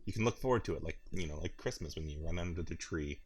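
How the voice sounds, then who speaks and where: A man's voice: low-pitched, expressive, quick pace, husky. A man hosting a gaming podcast in casual chat, rambling and self-mocking as he tells stories.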